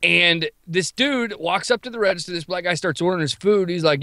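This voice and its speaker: A man co-hosting a podcast, telling a wild story in an animated, profane, quick-talking way. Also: fairly high pitch, no echo, studio quality. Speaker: podcast co-host. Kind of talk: casual storytelling.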